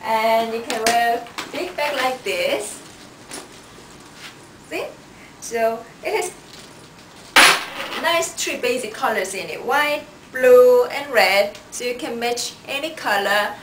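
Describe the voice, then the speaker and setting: Slow-talking woman stylist. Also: a little high, animated, background noise. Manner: unhurried, shows each item with "like this". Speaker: fashion stylist presenting clothes. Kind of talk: product styling demo. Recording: roomy sound from a distance.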